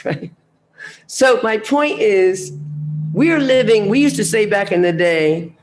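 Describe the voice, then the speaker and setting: An older American woman speaking on a panel, telling a story with emphatic, animated delivery and acting out the dialogue. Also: mid-range voice, moderate pace. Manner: emphatic, animated, acts out dialogue, laughs often.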